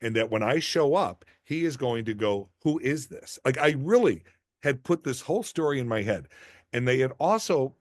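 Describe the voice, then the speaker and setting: A middle-aged man, an actor and guest, telling animated, self-deprecating anecdotes in a casual interview, with lots of restarts. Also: mid-range voice, normal speed, dry recording, studio quality.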